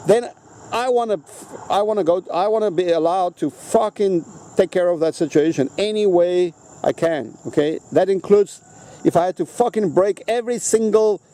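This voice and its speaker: A man's voice: high voice, moderate pace, warm tone. A man ranting bluntly outdoors, swearing constantly and hammering his points home with repeated "okay?" checks. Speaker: vlogger. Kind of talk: outdoor rant to camera. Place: outdoors on a rock at sunset.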